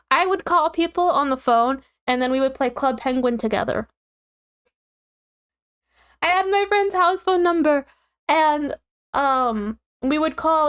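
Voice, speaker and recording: Chatty, tired young woman streamer. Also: smooth. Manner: chatty, giggly, animated swings in pitch. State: tired, yawning. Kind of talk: casual chat with viewers.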